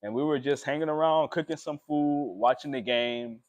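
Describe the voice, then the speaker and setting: A young man, talking emotionally and haltingly in a personal vlog, with many pauses and fillers. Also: a little high, no echo. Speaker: vlogger.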